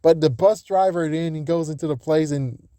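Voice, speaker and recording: A man talks through a casual fan vlog in a mellow, warm voice, recorded dry and close. He rambles and restarts his sentences and swears freely. When something annoys him, he breaks into loud, high-pitched rants. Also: moderate pace, no room sound. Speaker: fan channel host.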